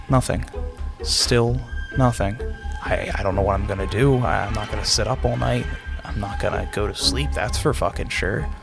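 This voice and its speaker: A man co-hosting a casual podcast, telling a spooky story with dramatic pauses and swearing. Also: fairly low pitch, vocal fry. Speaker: podcast co-host. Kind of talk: casual chat and campfire story.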